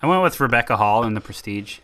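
A man hosting a casual film podcast, blunt and quick to laugh, swearing freely. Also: medium pitch, lively intonation, a bit bright, clean tone. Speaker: podcast host.

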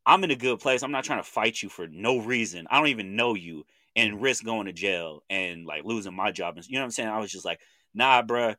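A man in his thirties from Oklahoma with an Oklahoma accent, co-hosting a podcast and telling a story in animated casual chat, acting out what people said in slangy talk. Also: fairly low pitch, a little fast, hardly any pauses, no echo. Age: 30s. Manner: animated storytelling with slang, acts out quoted voices. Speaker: podcast co-host.

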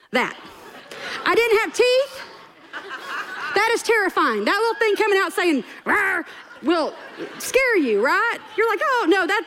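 A woman's voice: sits high, a little hiss or hum. A woman telling a funny personal story in a sermon, laughing and acting out voices. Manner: animated, laughing storyteller who acts out quotes. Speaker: preacher. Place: church stage before a congregation.

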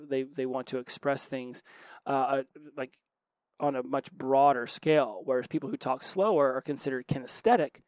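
A man hosting a solo self-help podcast. He talks fast and restarts his sentences often. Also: medium pitch, no echo. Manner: fast-talking, with frequent restarts. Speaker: podcast host.

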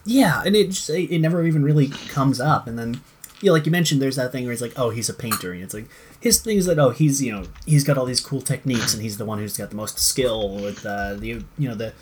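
A man's voice: mid-range voice, fast, a little hiss or hum. A man chatting casually about a TV show, rambling with many fillers and restarts and swearing now and then. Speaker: co-host discussing a TV show. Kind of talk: casual chat.

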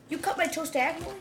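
A woman's voice: very high voice, a little hiss or hum. A young woman co-hosting a podcast in casual chat, giggly, chatty and easily grossed out. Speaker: podcast co-host.

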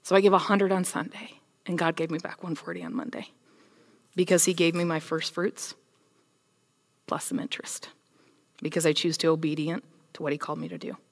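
A woman's voice: sits low, fairly quick, pauses often. Woman preaching in a roomy hall. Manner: casual, storytelling, animated with voiced quotes. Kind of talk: sermon.

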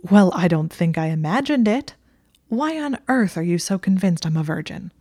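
A woman reading the part of an indignant, sharp-tongued young woman librarian, emphatic and exasperated. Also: fairly low pitch, expressive, normal speed, no echo, studio quality. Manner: exasperated, emphatic, rising to near shouts.

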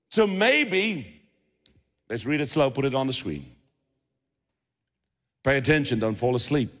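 This South African pastor preaches in a casual, conversational way, with restarts and repeated phrases, his sermon echoing with the long reverb of a church hall. He has a medium-pitched, fairly bright voice and a measured pace.

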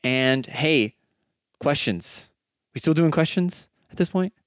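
A man's voice: a little high, lively intonation, takes it slowly, no room sound, studio quality. A man hosting and narrating as game master, upbeat and rambling, with lots of fillers. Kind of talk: casual chat and game narration.

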